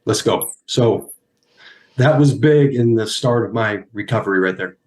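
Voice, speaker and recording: A man in his thirties speaks as an interview guest, his voice on the low side. He tells his story earnestly, stopping and restarting, and sounds near tears. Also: unhurried. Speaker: guest, former pro football player. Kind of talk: emotional personal story.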